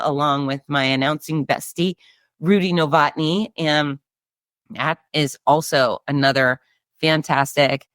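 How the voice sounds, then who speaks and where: A middle-aged woman hosting a casual solo chat, upbeat and breezy, her voice nasal and hoarse. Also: low voice, fairly bright tone, no room sound, studio quality. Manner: chatty and upbeat, breezy asides. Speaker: race announcer and show host.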